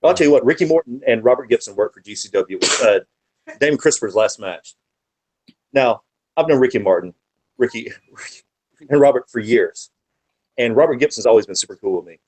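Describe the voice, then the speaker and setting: Profane, animated man telling stories. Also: mid-range voice, a little fast, pauses often, breathy edge, poor audio. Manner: profane, animated, rambling anecdotes. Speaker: podcast guest, wrestling manager. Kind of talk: casual storytelling chat.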